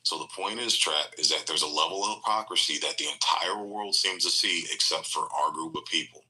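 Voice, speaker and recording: A deep-voiced man holds the floor in a heated online debate, pressing his argument without pause. His voice is low but sharp and bright. He talks insistently and will not be cut off. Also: rough recording. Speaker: debate panelist.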